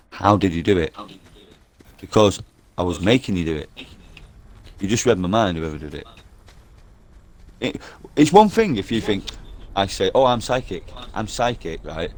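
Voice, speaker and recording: A man's voice: sits low, a little mellow. A man talking nonstop in an online game voice party over a headset mic, conspiratorial and swearing heavily. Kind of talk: rambling party voice chat. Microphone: gaming headset over online voice chat.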